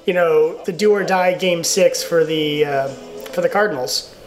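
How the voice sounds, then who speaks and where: A man's voice: a little high, unhurried, over music. A man co-hosting a casual sports chat, rambling and laughing often as he talks over a live game. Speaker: podcast co-host.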